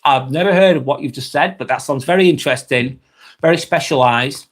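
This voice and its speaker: A man's voice: medium pitch, fairly quick. Broad Lancashire man chatting live. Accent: Lancashire English. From Northwest England. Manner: chatty and swears freely. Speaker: live vlog host. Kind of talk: casual live-stream chat reading out comments.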